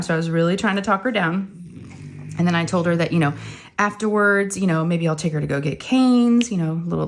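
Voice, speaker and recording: A woman's voice: lowish voice, brisk. Rambling woman telling a story. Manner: rambling storyteller, acts out quotes. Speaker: crafting channel host. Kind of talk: casual chat while crafting.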